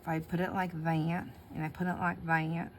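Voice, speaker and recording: A woman with a low-pitched voice hosts a relaxed crafting session, talking warmly to her audience. She laughs easily and mutters little asides to herself as she works. A faint background hiss sits under the recording. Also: normal speed. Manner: chatty, laughs often, talks to herself while working. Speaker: craft channel host. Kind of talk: casual crafting chat to viewers.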